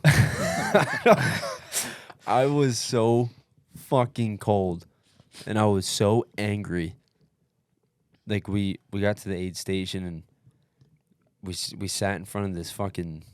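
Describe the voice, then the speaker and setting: A young man telling a long story in casual podcast chat, animated, swearing constantly and calling everyone "dude". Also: low voice, slow, long pauses, clean tone, no room sound. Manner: profane, animated, says "dude" often. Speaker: podcast guest recounting an ultramarathon.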